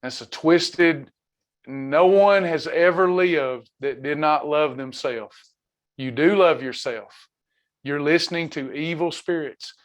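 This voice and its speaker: Fervent high-voiced preacher man. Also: takes it slowly. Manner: fervent preaching, reading out member comments. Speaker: wellness ministry leader. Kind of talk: preaching to a live online class.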